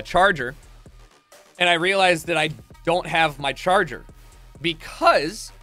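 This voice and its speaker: A man streamer telling a long story casually, swearing often and acting out what people said with big jumps in pitch. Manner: animated, profane, acts out quotes with big pitch jumps.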